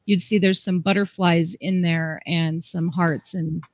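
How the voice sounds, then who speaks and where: A woman's voice: fairly low pitch, flat delivery, unhurried, no room sound. Chatty female craft host, enthusiastic, dry close sound. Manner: chatty, enthusiastic, explains step by step. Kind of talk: live craft demonstration.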